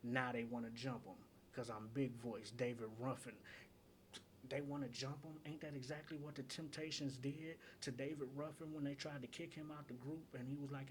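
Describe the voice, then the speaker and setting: A man's voice: medium pitch, fairly even intonation, moderate pace, slight background noise. Casual man explaining rap battle bars. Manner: repeats lines and explains jokes, asks "get it?". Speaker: battle rap breakdown host. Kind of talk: casual commentary breaking down rap lyrics.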